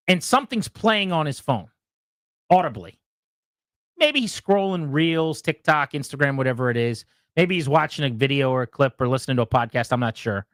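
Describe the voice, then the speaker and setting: Animated man telling a story on air. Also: no echo, clean studio sound. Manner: animated storytelling, mimics others in a loud high voice. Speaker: sports radio host. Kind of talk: casual radio talk.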